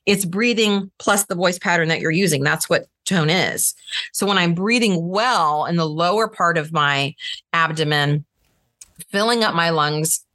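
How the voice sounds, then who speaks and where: A woman's voice: mid-range voice, pushed and bright, no echo. A woman coaching trial lawyers, talking with energy and acting out different voice tones as she teaches. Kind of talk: instructional talk to trial lawyers.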